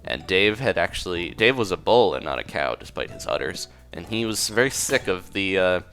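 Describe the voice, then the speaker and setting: A man's voice: sits low, big pitch swings, moderate pace, a bit bright. A man casually improvising a story over gameplay, rambling with fillers and side comments. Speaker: gaming video creator. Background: faint music.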